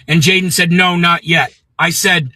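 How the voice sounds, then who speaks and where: Middle-aged Midwestern man, livestream host, profane ranter, very bright slightly high voice. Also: steady tone, normal speed, dry recording, low-quality recording. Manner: blunt and profane, greets viewers by name. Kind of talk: ranting livestream monologue.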